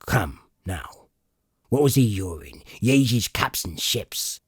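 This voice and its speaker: Guy doing a gruff pirate cook, slow rolling sea talk, lively low voice, bit husky. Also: dry recording, clean studio sound, exaggerated voice. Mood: gruff, commanding. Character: genial cunning one-legged sea cook, middle-aged man.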